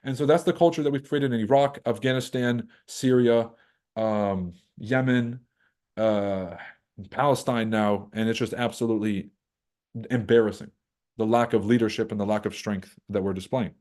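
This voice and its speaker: Profane ranting man with a mellow voice. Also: lowish voice, moderate pace. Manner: profane, animated, mocks others in put-on voices. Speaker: livestream host. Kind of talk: casual ranting commentary.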